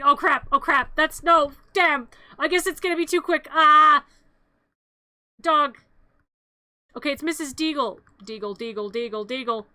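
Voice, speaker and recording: A streamer, heard as a woman, recapping a movie in a rambling, playful way with quick jokey asides. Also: high-pitched, pushed and bright, no room sound. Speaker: vtuber streamer. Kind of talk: comedic movie recap with silly voices.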